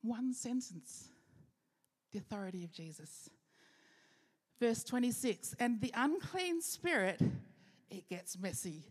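A woman pastor giving an earnest sermon with rhetorical questions, slowing down for key phrases. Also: on the high side, big pitch swings, slightly rough. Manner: earnest preaching, rhetorical questions, slows for emphasis. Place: church hall. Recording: long hall reverb.

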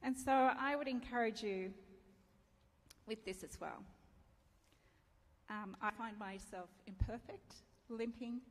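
Slow and pausing often, a middle-aged woman with a fairly high voice preaches a sermon built around a personal story she tells candidly and self-deprecatingly, laughing frequently. The audio has a slight hiss or hum, set in a reverberant hall with faint ambience.

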